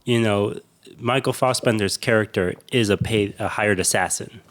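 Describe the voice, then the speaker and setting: A man's voice: on the low side, normal speed, fairly bright tone. A young man co-hosting a podcast, chatting casually about a film and giving his opinions. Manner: opinionated, talks over partner, frequent "in my opinion". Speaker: podcast co-host. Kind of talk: casual film review chat.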